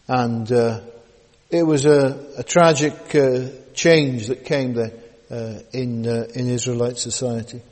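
Halting preacher in an echoing hall. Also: male voice, mid-range voice, fairly even intonation, a little mellow. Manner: halting, many fillers and repeated words, folksy asides. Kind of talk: sermon. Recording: long hall reverb.

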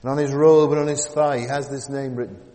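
A man preaching a sermon, moving from loud declaiming to hushed whispers, with casual asides ending in tag questions. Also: medium pitch, steady tone, fast talker. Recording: long hall reverb.

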